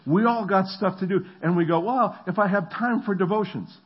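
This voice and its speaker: A middle-aged man preaching a sermon, telling stories in an animated way and acting out the voices of the people in them. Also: sits high, moderate pace, breathy edge, dull audio. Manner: animated storytelling, acts out voices. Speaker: pastor.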